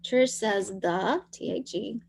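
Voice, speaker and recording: Slow, patient woman teacher. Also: medium pitch, darkish tone. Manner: slow, patient, sounding out words letter by letter. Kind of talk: dictation lesson for young children.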